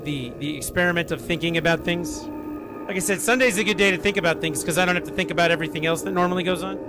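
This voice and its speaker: Hoarse, high-voiced chatty streamer man. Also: fast talker, music in the background. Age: 40s. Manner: rambling, chatty, talks to viewers and family mid-stream. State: hoarse, scratchy voice after being sick. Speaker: game streamer. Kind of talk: casual live-stream chat.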